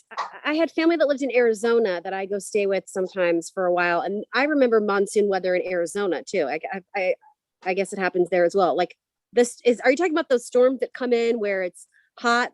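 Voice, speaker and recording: A woman's voice: medium pitch, fairly quick, no room sound. Bubbly middle-aged woman, chatty. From Southern California valley. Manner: chatty, bubbly, full of fillers like "like". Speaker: co-host. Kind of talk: casual chat.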